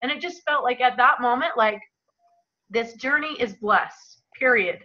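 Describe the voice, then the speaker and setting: A woman leading a motivational team call, telling her story in a gushing, excited way and talking straight to her listeners as "you guys.". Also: on the high side, measured pace. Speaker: team leader. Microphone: phone or computer call. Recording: muffled lo-fi call audio.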